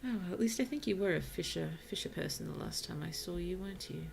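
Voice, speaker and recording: A woman streamer chatting casually through a cozy game, talking to her villagers and often dropping to soft whispers. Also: on the low side, expressive, quick pace, creaky, a little hiss or hum. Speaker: VTuber streamer. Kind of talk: casual gameplay commentary.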